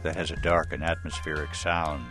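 A man's voice: very deep voice, level tone, music in the background. A man hosting a radio interview, easygoing and curious in how he asks questions. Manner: easygoing and curious, quick to laugh. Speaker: radio host.

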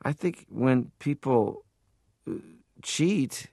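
A man from Canada, a comedian guest, talking casually and at length in an interview, animated, stopping to laugh. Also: mid-range voice, very slow, gravelly, husky, dry recording, clean studio sound. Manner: rambling, animated, stops to laugh.

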